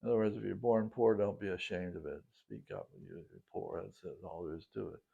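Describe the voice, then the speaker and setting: Man with a low, gravelly voice recalling a personal story, halting and unscripted, on a dull lo-fi recording. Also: fairly even intonation, warm tone. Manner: halting, with many restarts and fillers. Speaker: storyteller recounting his life. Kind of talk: casual spoken reminiscence.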